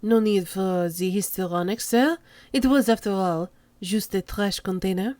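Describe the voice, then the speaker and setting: A woman's voice: mid-range voice, darkish tone, dry recording, lightly acted. A woman doing a dry, droll lieutenant. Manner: measured, drolly understated. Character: calm, dry-witted male police lieutenant.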